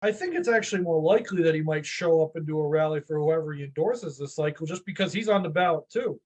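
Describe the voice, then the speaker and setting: A man with a Chicago accent, a panelist in a casual political discussion, chatty and thinking out loud. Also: a little high, fast talker. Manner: chatty, musing, self-questioning.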